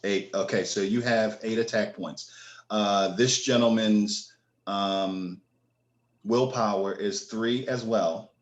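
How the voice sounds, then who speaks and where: A man runs a tabletop game as game master, slowly explaining the rules with frequent pauses. His voice sits a little low and he speaks at a very slow pace. The room around him is roomy and echoey. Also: steady tone, highs cut off. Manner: unhurried, many fillers and restarts.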